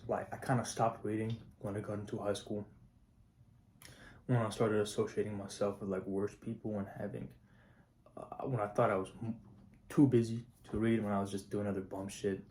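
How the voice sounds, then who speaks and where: A teenage high school student talking casually to camera, swearing often and getting fired up, with lots of filler words. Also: male voice, warm tone. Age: teens. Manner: profane, hyped, heavy "like" and "not gonna lie". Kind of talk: casual vlog monologue.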